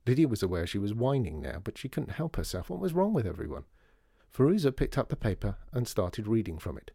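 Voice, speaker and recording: A man reading a children's story aloud in an expressive way and doing the character voices. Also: on the low side, a little fast, gravelly, breathy edge, no echo, clean studio sound. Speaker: audiobook reader. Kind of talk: storybook narration.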